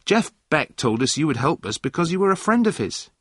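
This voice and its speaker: A man doing a hot-headed, shouting young man. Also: a little high, sing-song, fairly quick, husky, no echo, clean studio sound, voice pushed up, heavily acted. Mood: anxious. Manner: loud, indignant outbursts.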